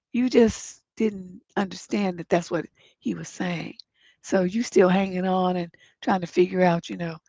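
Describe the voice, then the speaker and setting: A middle-aged woman hosts a relationship advice stream, her voice congested and deeply gravelly with fry. She reads viewer letters and answers them bluntly, swearing freely. The stream audio is dry and dull. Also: darkish tone, dry recording. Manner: blunt, profane, gets emphatic when giving advice. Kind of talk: livestream advice chat, reading viewer letters.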